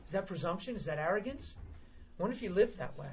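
A middle-aged man preaching an informal sermon to a small group, emphatic and animated, acting out prayers and quotes as he goes. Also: high-pitched, fast talker. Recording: dull lo-fi recording with faint background hiss.

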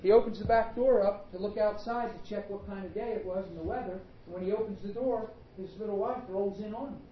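A man preaches with animated emphasis and calls out to his listeners in a fairly high voice. The recording is muffled and echoes through a large room. A faint hiss sits underneath. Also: brisk. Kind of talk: sermon.

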